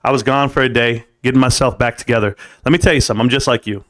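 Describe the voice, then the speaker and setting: A man's voice: medium pitch, fairly even intonation, very fast, a bit bright. A man hosting his own live stream, giving an emphatic motivational monologue in which he talks straight to his viewers and repeats his points.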